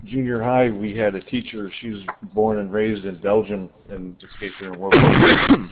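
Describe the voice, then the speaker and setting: A man's voice: on the low side, expressive, moderate pace, narrow, tinny audio. Joking man over racing-game engine noise. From half Canadian. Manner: joking, crude, playful. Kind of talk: casual chat during online racing. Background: racing game engine sounds.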